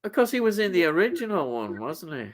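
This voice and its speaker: A man's voice: high-pitched, sing-song, brisk. A middle-aged man hosting a casual chat, reading out viewer comments and agreeing often. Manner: reads out viewer comments, agreeable, many short yeahs. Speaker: host.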